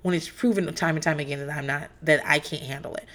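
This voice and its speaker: A woman's voice: deep voice, fairly even intonation, fast talker, a bit bright. A woman in her thirties or forties recapping reality TV in a candid, profane, rambling way, with frequent fillers. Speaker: podcast host.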